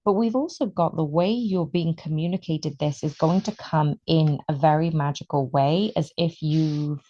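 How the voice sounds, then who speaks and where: A woman giving an excitable, emotional tarot reading, stretching out her words for emphasis. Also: low-pitched, normal speed, dull audio. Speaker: tarot reader.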